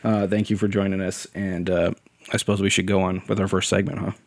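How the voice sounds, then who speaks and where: A man's voice: low voice, level tone, fast talker, no echo. A man co-hosting a casual podcast while sick, joking and laughing often. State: sick, a bit hoarse. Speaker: podcast co-host.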